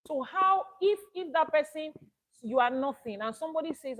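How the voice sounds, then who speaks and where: A woman's voice: sits high, animated, moderate pace, low-quality recording. A woman with a Nigerian accent, an Ifá priestess giving a spoken teaching broadcast, arguing through rhetorical questions.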